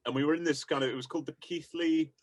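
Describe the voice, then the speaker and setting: A man's voice: on the high side, steady tone, very fast, no echo. A man telling enthusiastic, rambling anecdotes about his music career in a casual interview, laughing often. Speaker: musician guest.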